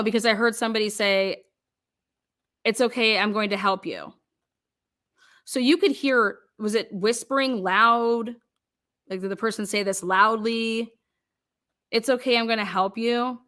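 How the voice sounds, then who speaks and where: Woman, bright forceful voice, a bit high, rapid-fire mock cross-examination. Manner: rapid-fire pointed questioning. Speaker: commentator.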